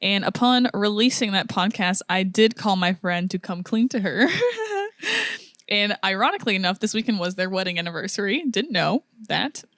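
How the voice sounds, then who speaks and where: A woman's voice: mid-range voice, animated, normal speed, fairly bright tone, no room sound, studio quality. A young woman from the United States co-hosting a podcast, chatting casually and telling stories with frequent giggles. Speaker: podcast co-host. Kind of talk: casual chat.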